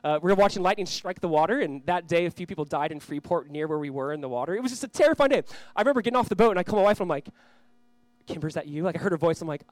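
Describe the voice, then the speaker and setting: An earnest male pastor from Southern California delivers his sermon in a chatty, storytelling way, his voice sitting a little high for a man. The sound is dry and close, with no room around it. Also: animated, racing, few pauses, no room sound. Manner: earnest, conversational, swings from loud reading to quiet prayer; storytelling with self-deprecating asides.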